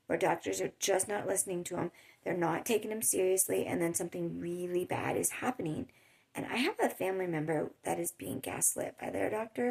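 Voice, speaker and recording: Woman vlogger, husky and gravelly, just chatting and rambling. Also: on the low side, a little mellow. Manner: chatty, rambling, with little laughs and fillers. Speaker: chronic illness vlogger. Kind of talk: casual storytelling to camera. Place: home in a hot desert area.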